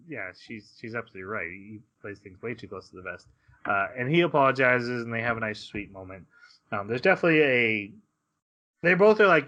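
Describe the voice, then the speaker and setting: A man's voice: medium pitch, animated, moderate pace, bright, forceful tone, muffled recording. A man co-hosting a podcast, recapping episodes in casual chat and acting out characters' lines as he goes. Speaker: podcast co-host.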